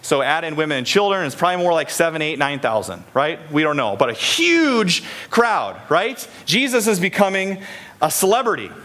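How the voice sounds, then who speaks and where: Midwestern male pastor, conversational sermon, high-ish voice, keeps asking the crowd questions. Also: very animated, normal speed, sharp tone. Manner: chatty, asks the congregation questions. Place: church in Des Moines, Iowa.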